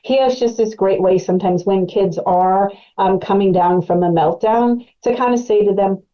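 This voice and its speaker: Woman, clinical specialist, educational webcast talk, conversational, lots of fillers, mid pitch, slightly dull audio. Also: moderate pace, mellow. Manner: conversational and explanatory, with frequent fillers. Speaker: autism clinical specialist presenting.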